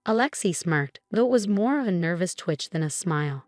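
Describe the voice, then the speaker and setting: A woman reading a scripted story as narrator, with an even storytelling delivery. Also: on the low side, a little fast, hardly any pauses, dry recording, clean studio sound, soft background music.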